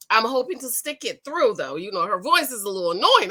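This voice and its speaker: A woman from the Northeast United States with a New York accent, reviewing a dating show in lively, casual chat to her viewers. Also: sits high, brisk, few pauses. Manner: animated, lively, playful asides to viewers.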